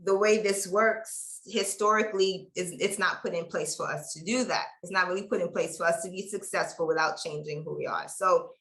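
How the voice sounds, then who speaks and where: A woman's voice: fairly low pitch, steady tone, a little fast, hardly any pauses, a bit bright. A woman on an online panel talking emphatically and reflectively over a video call. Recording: echoey room.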